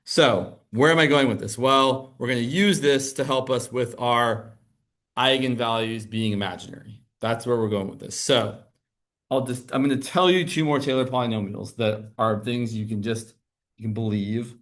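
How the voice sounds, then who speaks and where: A man teaches a math lesson in a relaxed, conversational way. He explains each step as he writes on the board. His voice sits at an ordinary middle pitch. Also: moderate pace. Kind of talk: classroom lecture.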